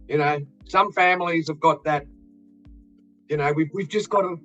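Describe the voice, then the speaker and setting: A man's voice: a little high, moderate pace, long pauses, fairly bright tone, faint music behind, poor audio. An Australian man in blunt, profane casual chat, ranting with fired-up energy.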